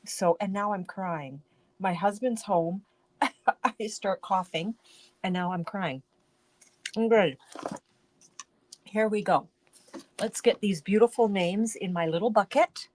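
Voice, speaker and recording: Slow-talking, chatty woman crafting host. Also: mid-range voice, darkish tone. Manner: chatty, rambling, self-interrupting. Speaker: card-making host. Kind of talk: casual live-stream chat.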